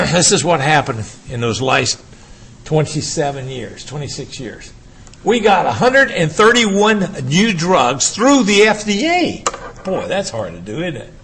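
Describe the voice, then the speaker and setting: An older man giving a urology lecture to an audience, emphatic and animated, firing rhetorical questions at the room. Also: on the high side, a little slow, slightly rough.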